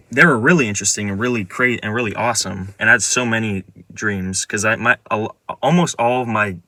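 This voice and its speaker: In a casual, rambling monologue, a male vlogger retells a dream, full of restarts and filler words. His voice is on the low side, pushed and bright, with no echo.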